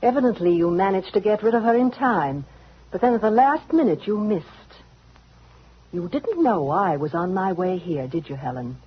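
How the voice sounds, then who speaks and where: A spiteful, taunting rival in an old radio drama. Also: female voice, medium pitch, lively intonation, normal speed, husky. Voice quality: mocking, sarcastic drawl. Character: spiteful jealous woman rival, taunting and accusing. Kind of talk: 1940s radio drama acting. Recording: dull lo-fi vintage radio recording.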